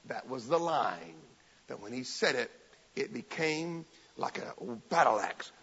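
A man preaching a sermon with fervent, emphatic delivery, loud bursts and joking asides. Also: mid-range voice, sing-song, measured pace, gravelly, husky. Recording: long hall reverb, dull lo-fi sound.

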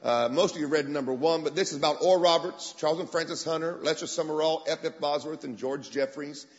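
Preacher, man, higher voice, lively storyteller, long church-hall reverb on a dull recording. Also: a little fast. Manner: animated, acts out quoted voices. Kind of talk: sermon storytelling.

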